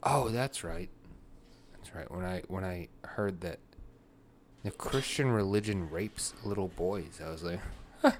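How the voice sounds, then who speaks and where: A man's voice: low-pitched, measured pace, slight background noise. A man hosting a podcast in casual, crude, joking banter, recorded in one big echoey room. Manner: crude joking, bursts into loud laughter. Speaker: podcast host.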